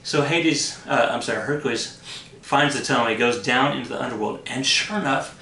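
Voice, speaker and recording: A man telling a myth to his students in a casual, animated way, jumping into quick character voices. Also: mid-range voice, roomy sound, recorded from a distance, a little hiss or hum. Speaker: teacher. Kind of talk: storytelling for students.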